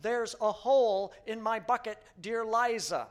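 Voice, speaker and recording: A man voicing a dim-witted farmer who keeps asking helpless questions, in a raised, louder voice within a sermon. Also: high-pitched, a little slow, pitched above the performer's own voice. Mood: whiny helpless. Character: hapless dim-witted male farmer Henry.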